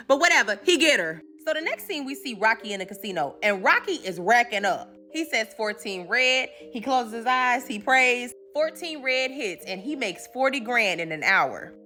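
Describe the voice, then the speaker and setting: A woman's voice: on the high side, bright, forceful tone. A woman hosting a comedic recap, telling the story in a sassy, slangy way and acting out the characters. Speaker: host.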